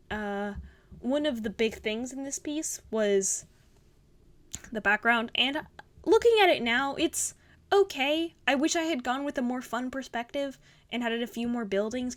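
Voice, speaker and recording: Young female art vlogger, bubbly and rambling, slightly high voice, casual critique delivery. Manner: bubbly, gushing, rambling with fillers. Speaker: art channel host.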